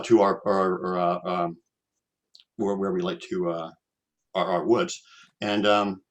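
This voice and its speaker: A Canadian man hosting a casual chat, telling a personal story in a rambling way, with repeated words and many fillers. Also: lowish voice.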